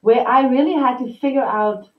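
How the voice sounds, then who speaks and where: A woman's voice: sits high, moderate pace. Enthusiastic woman host, echoey room. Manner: enthusiastic, emotionally open, shares personal stories. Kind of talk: conversational interview. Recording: echoey distant muffled sound.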